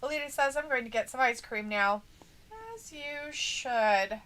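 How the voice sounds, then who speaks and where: A woman with a bright, fairly high voice chats casually, reading out viewer comments. She teases and giggles as she goes, keeping things light and playful. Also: a little slow. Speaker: co-host of a wrestling watch-along stream.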